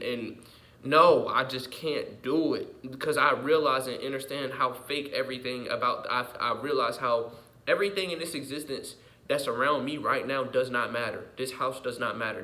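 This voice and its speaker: A man delivering an unscripted, heated, profane monologue rant as a vlogger, repeating himself and swinging between muttering and yelling. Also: mid-range voice.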